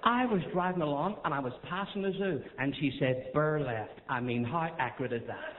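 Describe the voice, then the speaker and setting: A man with a Northern Irish accent doing stand-up one-liners on a theatre stage, chatty and coaxing the crowd between rapid gags. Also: fairly high pitch. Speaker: stand-up comedian. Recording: echoey theatre, tinny thin sound, noisy. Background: audience laughter.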